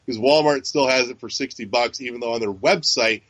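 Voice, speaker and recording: A podcast co-host with a medium-pitched, fairly bright voice speaks fairly quickly. He's chatty and foul-mouthed, rambling with many fillers and restarts. There's no room sound, and the recording is dull and lo-fi.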